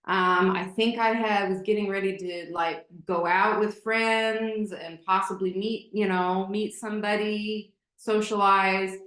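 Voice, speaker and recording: A woman's voice: mid-range voice, steady tone, a little slow, hardly any pauses, fairly bright tone. A woman guest telling a personal story candidly and emotionally, with many fillers and restarts. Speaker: podcast guest. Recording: roomy echo.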